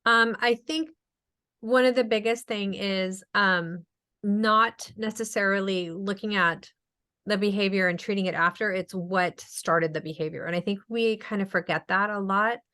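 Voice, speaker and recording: A woman's voice: medium pitch, normal speed, pushed and bright. Chatty woman speech therapist. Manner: chatty, frequent ums, acts out quoted dialogue. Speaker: speech-language pathologist guest. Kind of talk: casual webinar Q&A.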